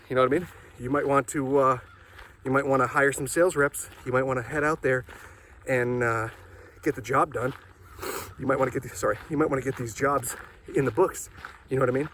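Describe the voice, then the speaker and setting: A man running a marketing agency gives a casual sales pitch while walking up a hill outdoors, talking chattily and checking in with the listener. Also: a little fast. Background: wind and passing traffic.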